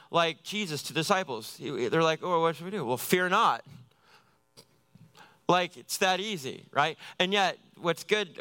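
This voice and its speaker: A man's voice: on the high side, bright, forceful tone. A man giving a conversational, jokey sermon as a youth pastor, acting out little everyday scenes.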